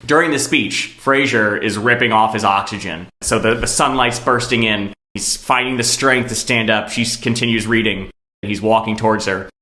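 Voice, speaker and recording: A man on a comedy podcast, retelling a movie plot in an animated storytelling way and laughing at his own jokes. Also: lowish voice, moderate pace, roomy sound.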